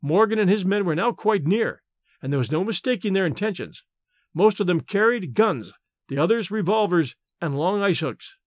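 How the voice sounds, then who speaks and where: A man narrating a novel in a steady, expressive reading. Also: high voice, moderate pace, dry recording, clean studio sound. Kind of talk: audiobook narration.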